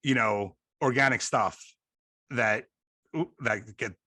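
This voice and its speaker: A podcast host with a Long Island New York accent, a man who chats loosely and laughs at himself often. His voice is bright and forceful. The sound is dry, with no room echo. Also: medium pitch, takes it slowly, husky. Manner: laughs often, chatty and self-mocking. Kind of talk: casual interview chat.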